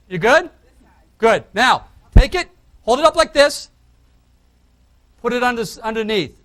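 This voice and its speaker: A man from Boston with a Boston accent, giving a fast, joking presentation at a conference and commanding the crowd. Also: very high voice, lively intonation, pushed and bright. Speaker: conference speaker. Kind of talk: energetic presentation to an audience. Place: conference hall.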